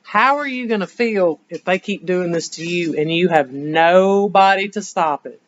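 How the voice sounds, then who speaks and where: Animated woman teacher firing off questions. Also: fairly low pitch, moderate pace, highs cut off. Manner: animated, rhetorical questions to students. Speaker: history teacher. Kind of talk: classroom lecture. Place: classroom.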